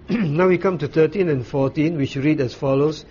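Man, Bible study teacher, measured and explanatory, slightly muffled recording, faint room noise. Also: a little high, mellow. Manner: measured, explanatory, with frequent ums and restarts.

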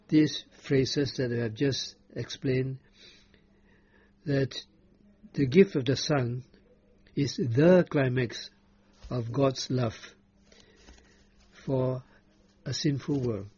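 Slow, mellow-voiced male preacher. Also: medium pitch, breathy edge, no echo. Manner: slow, deliberate reading of scripture with emphatic quotes. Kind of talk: Bible teaching sermon. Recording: muffled lo-fi recording.

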